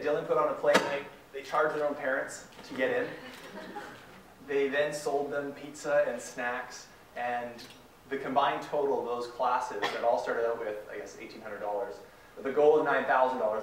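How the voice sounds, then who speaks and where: Speaking at a steady, unhurried pace with a medium-pitched voice, this young Canadian guest speaker tells an enthusiastic story in a large hall, performing the quotes as he goes. The background is noisy, the hall echoes, the mic sits far away and there's faint ambience.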